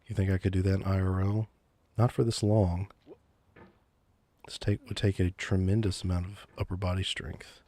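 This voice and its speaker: A man streaming a game as a VTuber, talking in a soft, teasing, mock-menacing calm tone in a whispered role-play, close to the mic. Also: low-pitched, moderate pace.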